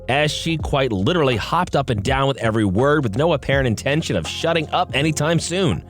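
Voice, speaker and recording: Guy reading internet stories on a podcast, super animated, snarky asides, faint music behind. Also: medium pitch. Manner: sarcastic asides, expressive delivery. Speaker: podcast host. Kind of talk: reading online stories aloud.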